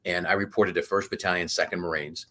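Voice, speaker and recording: A man in his fifties, a podcast guest telling animated stories in casual conversation. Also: low-pitched, fast talker.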